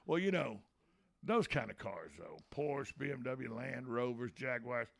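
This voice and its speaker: A man's voice: mid-range voice, expressive, measured pace, creaky, fairly bright tone. A man hosting a local radio talk show, folksy, joking and opinionated.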